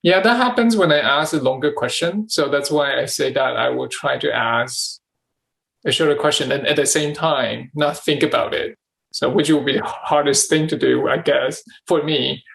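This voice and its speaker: A man's voice: fairly high pitch, normal speed, vocal fry, fairly bright tone, rough recording. A man in casual conversation who speaks hesitantly, repeating himself with many restarts and fillers. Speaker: channeling practice partner asking questions.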